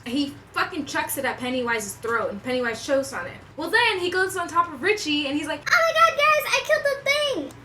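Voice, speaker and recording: A young woman vlogger telling a story in a casual, profane, animated way, with lots of slang. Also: sits high, distant mic, rough recording. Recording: voice a bit off-mic with faint room noise.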